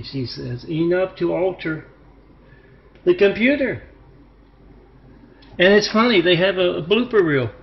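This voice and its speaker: A man delivering a rambling, disjointed self-promotional monologue, halting with fillers. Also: fairly high pitch. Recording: muffled lo-fi recording with faint hiss.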